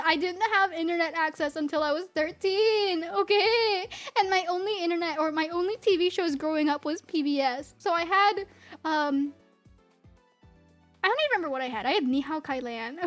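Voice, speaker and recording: A woman streamer with a light New England accent, chatting casually with her chat in a rambling, giggly, talkative way. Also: very high-pitched. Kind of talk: casual livestream chat, reading chat.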